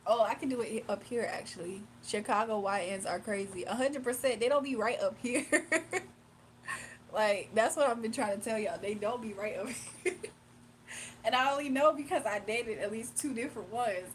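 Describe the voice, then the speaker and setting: Chatting late at night on a livestream, this Virginia woman laughs a lot and responds to her chat in a Southern US accent with Atlanta influence. She speaks at normal speed with a fairly high pitch; the recording is low quality with a bit of background noise.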